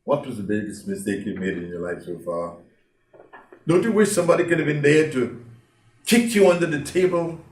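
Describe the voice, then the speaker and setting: A man's voice: on the high side, moderate pace. A man preaching a sermon to a congregation, telling the story dramatically and asking them rhetorical questions. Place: church hall. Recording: roomy hall, from a distance.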